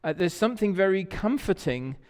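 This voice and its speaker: A man's voice: high voice, lively intonation, fairly quick, a little mellow. A man with an English accent preaching a sermon in a church, telling stories in a conversational way and asking the congregation questions. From England. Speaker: pastor. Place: church sanctuary. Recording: long church reverb.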